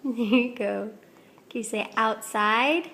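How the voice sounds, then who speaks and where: A woman at home gently coaxing a toddler to say words, asking playful questions. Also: fairly high pitch, slow, slight background noise. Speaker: parent coaching a toddler's words. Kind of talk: home video talk to a toddler.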